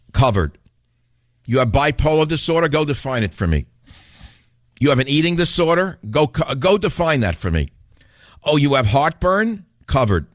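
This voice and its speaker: A man's voice: mid-range voice, no room sound. A man with a New York accent hosting a talk radio show, delivering a combative, sarcastic monologue full of rhetorical questions.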